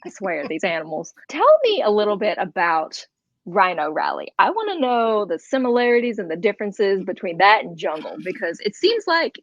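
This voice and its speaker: A woman's voice: mid-range voice, normal speed, no echo, highs cut off. A woman hosting a casual interview over a video call, chatty and curious. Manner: chatty, animated questions. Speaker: host.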